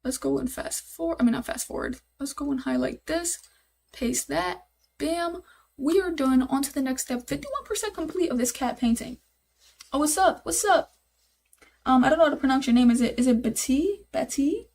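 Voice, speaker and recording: A woman's voice: high voice, animated, normal speed, creaky, a little mellow, a little hiss or hum. A young woman live-streaming while she codes, thinking aloud, repeating herself, and talking to her chat in casual, easily exasperated chatter.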